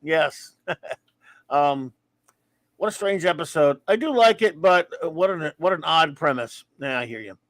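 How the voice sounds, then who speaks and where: A man hosts a casual live-stream, rambling through listener reviews and shout-outs and tripping over his words before correcting himself. His voice sits a touch higher than most men's. The sound is close and dry, with no room around it. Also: expressive, no room sound. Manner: rambling, stumbling, self-correcting with quick laughs. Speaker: podcast host reading listener reviews.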